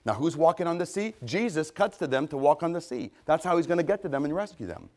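A middle-aged man preaching a sermon, fervent and rising to loud, emphatic peaks. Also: fairly high pitch, sing-song, fast.

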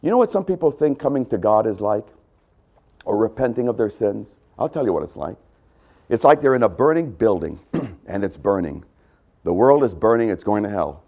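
Gravelly, animated man preaching. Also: lowish voice, moderate pace. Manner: emphatic, repeats key phrases, clears throat often. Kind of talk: sermon.

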